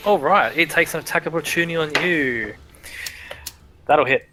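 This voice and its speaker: A man narrating as game master in a relaxed livestreamed tabletop game, thinking aloud with easy fillers. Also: fairly high pitch, moderate pace, music in the background, rough recording. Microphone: livestream microphone.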